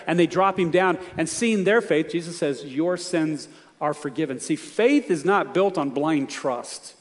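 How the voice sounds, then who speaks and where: A man's voice: sits high, expressive, unhurried. Male pastor mid-sermon, earnest storyteller, voice ringing through a big hall. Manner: storytelling, earnest, emphatic questions to the congregation.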